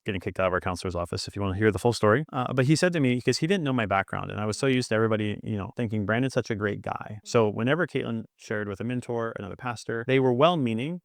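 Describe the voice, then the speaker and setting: A man's voice: mid-range voice, no echo, clean studio sound. A middle-aged man co-hosting a marriage podcast, speaking earnestly and acting out the lines of people in his stories. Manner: earnest, quick, acts out quoted dialogue. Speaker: podcast co-host. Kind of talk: candid marriage advice chat.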